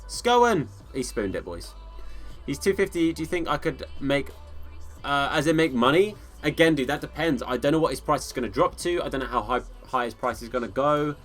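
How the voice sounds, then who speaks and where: A man's voice: mid-range voice, brisk, fairly bright tone, faint music behind. An English man live-streaming a football video game, commenting on play and answering viewers in a casual, friendly way, calling them bro and mate. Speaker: gaming streamer.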